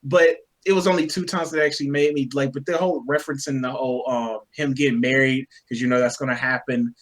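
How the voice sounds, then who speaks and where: A man's voice: mid-range voice, fairly even intonation, fast. A man co-hosting a casual chat, laid-back, swearing a lot and acting out his reactions. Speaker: podcast co-host.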